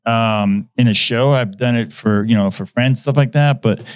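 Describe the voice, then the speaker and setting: A man's voice: medium pitch, moderate pace, clear, resonant tone, dry recording. A man, a magician guest in a casual podcast chat, talking hesitantly with many fillers and restarts.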